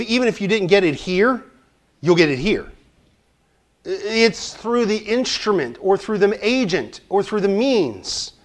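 A man teaching a church Bible study class in a conversational way, asking the group questions and joking lightly. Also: on the high side.

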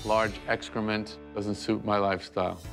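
A man gives a deadpan, sardonic talking-head interview for a television show. Soft music plays faintly beneath his voice. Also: lowish voice, normal speed. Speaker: celebrity dog owner on a reality show. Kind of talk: dry confessional interview.

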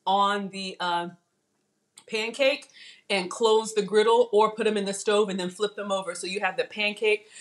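Chatty woman cooking live. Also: medium pitch. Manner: chatty, laughing, reads viewer comments aloud. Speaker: live-stream cooking host. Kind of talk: casual live-stream chat. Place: home kitchen.

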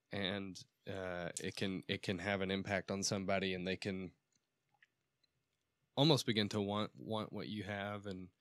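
A man's voice: deep voice, a bit bright, no room sound, clean studio sound. A man co-hosting a faith podcast in casual chat, rambling a little and restarting his sentences as he explains. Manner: rambling, self-correcting, restarts often. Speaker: podcast co-host.

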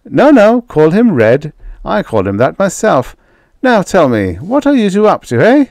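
A man's voice: huge pitch swings, a little slow, vocal fry, darkish tone, no echo, studio quality, exaggerated voice. A man voicing a hearty, self-assured wealthy industrialist in an audiobook story. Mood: jovial. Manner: booming, jovial, self-assured. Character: hearty rich older male industrialist.

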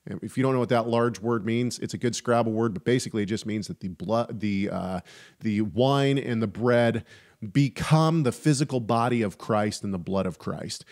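A male podcast co-host talks theology in a loose, conversational way. His voice sits at an ordinary mid pitch, and he often restarts his sentences and slips in wry asides. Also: moderate pace, darkish tone. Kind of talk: casual chat about theology.

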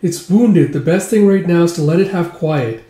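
A man voicing an earnest, capable young nomad wife who speaks gently and explains carefully. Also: moderate pace, lightly acted. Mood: calm, cautioning. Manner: gentle, explaining, higher-pitched put-on voice. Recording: roomy echo.

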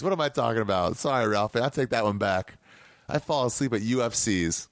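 A man's voice: mid-range voice, expressive, fairly quick, fairly bright tone, no echo. A man hosting a podcast, telling a long rambling story in casual, profane talk, often correcting himself mid-sentence. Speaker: podcast host.

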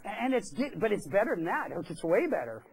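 A man's voice: high voice, big pitch swings, normal speed, breathy edge, low-quality recording. A pastor telling a story during a sermon in a church. He talks in a chatty way and acts out the quoted voices. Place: church sanctuary.

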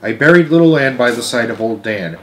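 A man's voice: mid-range voice, expressive, a little fast, rough recording. A man reading a chapter book aloud as storyteller, earnest and emotional, now and then restarting a phrase.

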